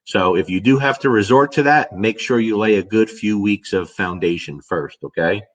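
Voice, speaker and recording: A middle-aged man, a dog trainer, casually telling a story and answering viewer questions, animated and swearing now and then. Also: lowish voice, moderate pace. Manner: animated storyteller, swears casually, acts out his own reactions.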